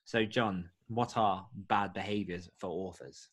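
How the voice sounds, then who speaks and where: A British man hosting a podcast, his voice sitting a little low. He talks in a friendly, measured, slightly formal way. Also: fairly even intonation, a bit bright, slightly rough. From United Kingdom. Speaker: podcast co-host. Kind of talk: podcast chat.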